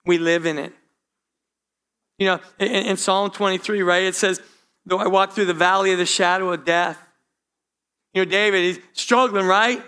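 A man with a high, bright voice preaches a sermon in a church. He speaks straight to the congregation, full of asides, quick restarts and repeated phrases. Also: clear, resonant tone. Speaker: pastor.

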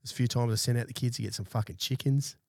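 A man's voice: medium pitch, fairly even intonation, fast, gravelly, darkish tone, dry recording, studio quality. A man in his thirties with an Australian accent, an army veteran telling war stories in a podcast interview, blunt and full of swearing. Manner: blunt and heavily profane, laid-back anecdotes. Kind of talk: casual storytelling interview. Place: small studio.

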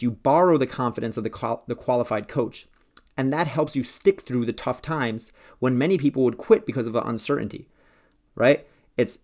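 A man hosting a solo podcast, speaking in an earnest, persuasive way about working with a coach. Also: mid-range voice. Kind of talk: solo motivational podcast talk.

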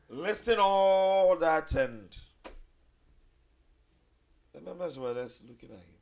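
A man preaching a sermon, animated, swinging between loud high outbursts and low quiet stretches. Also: slow, creaky, long pauses. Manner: animated, acts out quoted voices with big jumps in pitch.

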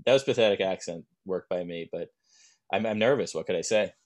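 A young man co-hosting a podcast, telling rambling anecdotes and dropping deadpan jokes in casual chat. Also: low voice, brisk. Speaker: podcast co-host.

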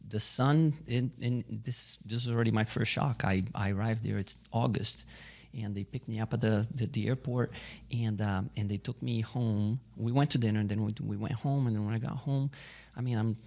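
A man's voice: lowish voice, fairly even intonation, normal speed, creaky, a little mellow. A man from Brazil, a guest on a podcast, telling stories in a chatty way and acting out quoted dialogue. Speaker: guest, racquet sports director. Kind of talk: casual podcast interview.

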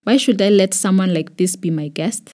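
Kenyan woman doing a sneering king, louder and higher, dark tone. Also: moderate pace, natural voice. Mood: scornful. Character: scornful foreign male king.

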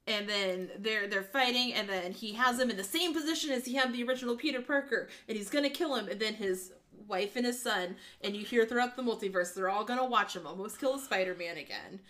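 A woman co-hosting a podcast, casually retelling a film scene by scene with lively quoted lines and laughter. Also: mid-range voice, fairly quick, few pauses. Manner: animated retelling, acting out lines, frequent laughs. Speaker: podcast co-host. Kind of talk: casual movie recap chat.

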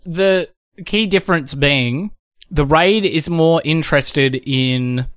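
A man's voice: on the high side, slow, fairly bright tone, dry recording, clean studio sound. A man co-hosting a casual film podcast, talking animatedly, swearing freely and laughing often. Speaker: podcast co-host.

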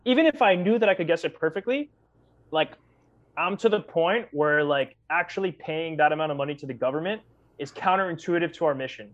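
A man's voice: fairly high pitch, animated, fairly quick. A man in casual conversation who rambles and acts out quoted exchanges as he tells stories. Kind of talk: casual chat. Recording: dull lo-fi sound.

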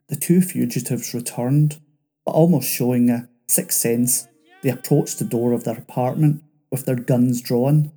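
A man reading a scripted true-crime narration in a measured, dramatic way. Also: mid-range voice, dark tone, husky.

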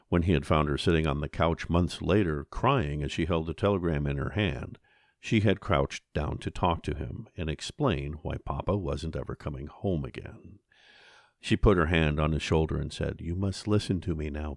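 Deep, gravelly male narrator. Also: no room sound, clean studio sound. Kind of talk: audiobook narration.

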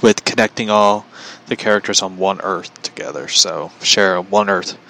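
A man's voice: sits low, steady tone, normal speed, bright, forceful tone. A young man chatting casually on a livestream, rambling, often chuckling and reading out viewer comments. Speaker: vlogger.

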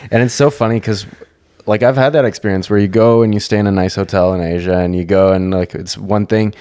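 A man with a very deep voice talks on a podcast, loose and rambling. His speech is full of "like" and casual swearing, as if he were talking with a friend. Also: steady tone, fairly quick, darkish tone, smooth.

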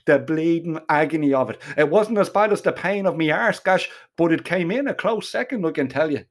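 A man's voice: fairly high pitch, lively intonation, brisk. Foul-mouthed Irish man telling a story. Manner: foul-mouthed, rambling, colourful slang. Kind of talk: first-person comic storytelling.

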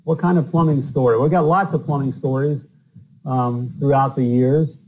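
A man's voice: mid-range voice, fairly even intonation, normal speed, a little mellow, slight background noise, poor audio. A middle-aged man from the northern US, a plumber and podcast host, telling stories in a loose, rambling way with lots of fillers. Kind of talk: casual storytelling interview.

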